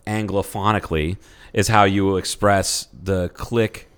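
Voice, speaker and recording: A man's voice: sits low, fairly even intonation, unhurried, fairly bright tone, smooth. A young man co-hosting a podcast, joking crudely and swearing in casual chat. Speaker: podcast co-host.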